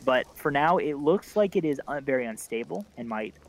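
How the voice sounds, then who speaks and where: A man narrating as game master in a relaxed way, with many fillers. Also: medium pitch, brisk.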